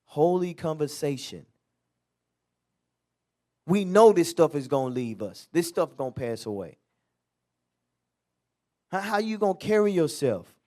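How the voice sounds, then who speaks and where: Man, Bible class teacher, conversational preaching, slightly high voice. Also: sing-song, measured pace, long pauses, darkish tone. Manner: loose, conversational preaching with acted-out quotes.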